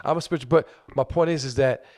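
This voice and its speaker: Man, middle-aged, casual podcast talk, loud, profane, talks over others. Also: medium pitch, fairly even intonation, fast talker. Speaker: podcast co-host.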